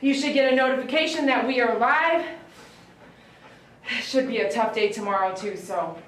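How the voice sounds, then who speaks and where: A woman's voice: a little high, expressive, normal speed, pauses often, a bit bright, slight background noise. A woman grooming a dog on a live stream, cooing and praising it in baby talk, recorded in a grooming salon. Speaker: dog groomer and channel host. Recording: echoey room, mic some distance away.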